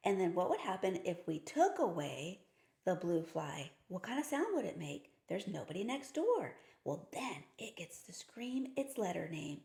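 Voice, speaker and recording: A reading teacher with a lowish, gravelly, warm voice speaks in a sing-song way at a moderate pace, teaching phonics to teachers and parents. She explains patiently and upbeat, using playful kid-friendly terms and posing questions she answers herself. The room is echoey.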